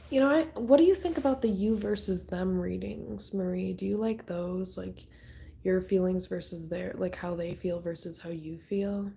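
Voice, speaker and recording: A woman's voice: on the low side, normal speed, gravelly, warm tone, a little hiss or hum. A young woman hosting a casual livestream, chatting with viewers by name in a rambling, swear-dotted way from her small studio apartment. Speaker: tarot livestream host.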